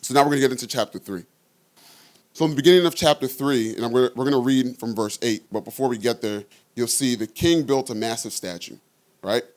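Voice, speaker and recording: A man preaching a conversational sermon, reading scripture aloud and often checking in with his listeners. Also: medium pitch.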